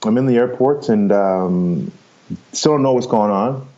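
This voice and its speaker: At a measured pace, a Canadian man in his fifties talks through his story as a podcast guest, rambling casually and often checking in with "right?" and "you know." His lowish voice is mellow, and the audio is dull.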